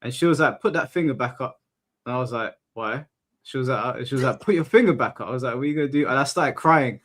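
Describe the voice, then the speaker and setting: A man's voice: mid-range voice, quick pace. A young British man hosting a casual chat, telling stories and acting out quotes. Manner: lively storyteller, acts out quotes. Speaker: host.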